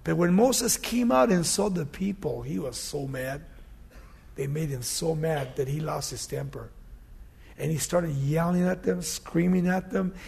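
A male pastor preaching a sermon, swinging from loud, emphatic scripture reading to quiet, conversational asides. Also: a little high, a little slow, creaky, breathy edge.

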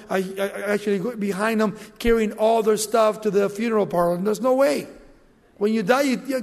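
A man's voice: high voice, long reverb tail. A middle-aged man, a pastor, preaching a sermon, asking rhetorical questions and joking with the congregation.

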